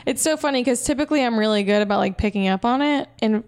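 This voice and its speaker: A woman's voice: on the high side, quick pace, a little mellow. A young woman talking in casual chat, chatty and quoting her own thoughts. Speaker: guest.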